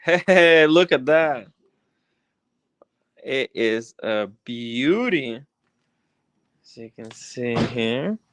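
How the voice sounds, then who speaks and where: A man hosting a casual livestream, chatting in a relaxed, halting way with many exclamations. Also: medium pitch, dry recording, rough recording. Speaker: livestream host.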